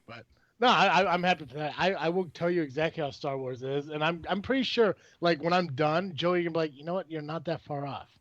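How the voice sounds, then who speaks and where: A man's voice: fairly high pitch, fairly quick, a bit bright, no echo. A man from Illinois hosting a casual podcast, rambling and joking with lots of swearing. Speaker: podcast host. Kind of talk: casual chat. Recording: dull, dry, lo-fi sound.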